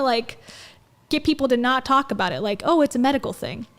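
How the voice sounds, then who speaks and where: A woman's voice: high voice, animated, fairly quick. A woman hosting a livestream, chatting casually and skeptically as she comments on event clips and greets viewers. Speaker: livestream host reviewing an event.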